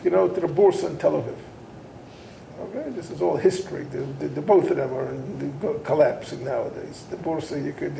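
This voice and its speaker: A man teaching a Torah class, mixing scripture with an animated story and wandering off into asides. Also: high-pitched, vocal fry, a little hiss or hum. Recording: roomy echo.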